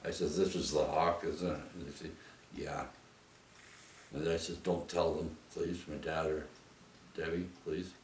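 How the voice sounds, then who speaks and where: Man, very deep voice, rambling storyteller, echoey room with faint noise behind. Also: level tone, unhurried, pauses often, far from the mic. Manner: rambling, with frequent "eh?" and "right?" tags. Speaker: vlogger telling a personal story. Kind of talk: casual storytelling.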